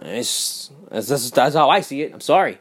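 A young man in a heated, profane, casual rant. He repeats himself and swings between loud outbursts and muttering. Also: medium pitch, expressive, normal speed. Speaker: vlogger. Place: home in Miami.

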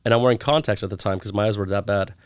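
A man's voice: fairly low pitch, very fast, clean tone, dry recording. A man in his thirties, a guest in a casual interview, telling stories with energy and acting out the lines of the people in them. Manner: animated storyteller acting out quoted dialogue.

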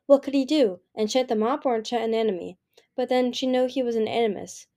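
A woman's voice: a little high, a little fast, mellow. A woman reading a fantasy novel aloud, voicing the characters' dialogue. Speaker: audiobook reader.

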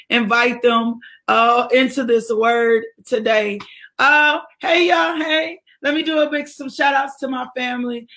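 A woman hosts a livestreamed morning devotional for her ministry. She speaks in a lively, exhortative way and greets viewers by name. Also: on the high side. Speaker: ministry leader hosting a devotional.

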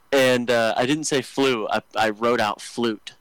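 A man's voice: medium pitch, steady tone, fairly bright tone, slight background noise, rough recording. Crude joking young man on a podcast. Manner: crude, joking, fast rambling with many fillers. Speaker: podcast co-host. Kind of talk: casual storytelling chat.

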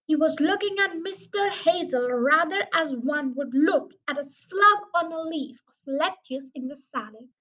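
A woman reading a children's novel aloud as a podcast host, in a plain, careful manner with lively emphasis. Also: high voice, poor audio. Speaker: audiobook reader. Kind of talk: storybook reading.

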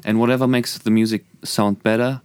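German-accented man, smooth low voice. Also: level tone, brisk, a little mellow, no echo. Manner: earnest, reflective, many restarts. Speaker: musician and producer guest. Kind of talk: casual podcast chat.

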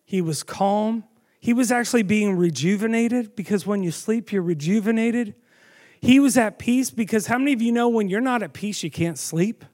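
Delivering a sermon at a normal speed, a man with a high-sitting voice narrates the story with lively animation and puts questions to his listeners.

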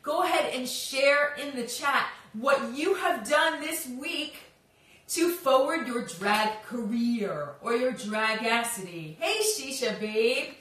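A woman's voice: high-pitched, expressive, slow pace, fairly bright tone, recorded from a distance. A woman hosting a casual live-stream chat as a drag coach, bubbly and sing-song, greeting her viewers by name. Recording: echoey room, voice off-mic.

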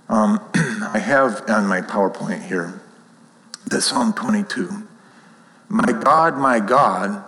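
A man's voice: on the low side, a bit bright, in a large hall, low-quality recording. A man teaching a Bible class, reading scripture aloud with rising emphasis and asking the group questions.

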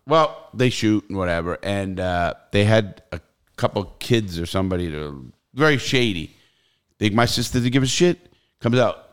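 An older man tells a long, wandering story on a podcast. His voice sits a bit low, and he curses freely. He restarts his sentences often as he goes. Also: animated, normal speed, fairly bright tone, clear, resonant tone. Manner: rambling storyteller, swears freely, many restarts. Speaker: podcast host. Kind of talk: casual podcast chat.

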